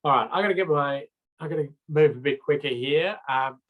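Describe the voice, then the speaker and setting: A man's voice: a little high, a little fast, phone-quality sound. A man with an Australian accent giving a recorded road safety training lecture in a casual, chatty way, with many fillers and restarts.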